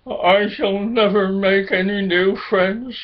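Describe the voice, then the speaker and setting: Brief: man doing a mournful female storybook cow, high and slow, plaintive. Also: steady tone. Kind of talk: children's storybook reading. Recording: dull lo-fi recording.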